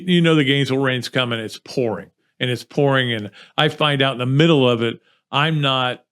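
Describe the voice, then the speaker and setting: A man's voice: medium pitch, fairly bright tone. A male podcast host with an easy, rambling delivery. He chats with a guest and drifts into self-deprecating stories, talking in a loose, conversational way. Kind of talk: casual chat and storytelling.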